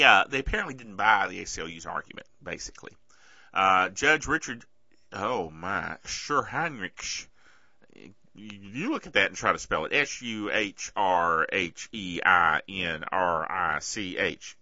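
A podcast host, a man with a bright, forceful voice, delivers chatty, sarcastic tech commentary and keeps checking in with "okay?". His throat is bothering him, so he clears it often. His pitch swings widely, and the recording sounds dull and lo-fi. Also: animated, unhurried, dry recording. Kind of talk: casual tech news commentary.

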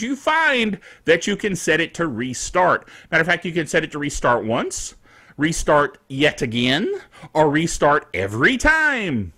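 A middle-aged man hosting a tech show, chatting casually about news and software with playful jokes and frequent laughs. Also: high-pitched. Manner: playful, laughs often, jokey asides. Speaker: tech podcast host.

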